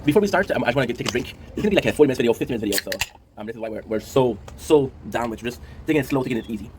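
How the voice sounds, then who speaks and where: Casting note: man in his thirties, quick-paced rambling host, emotional and sweary, faint hum behind. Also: mid-range voice, expressive. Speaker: commentary show host. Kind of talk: casual chat to camera.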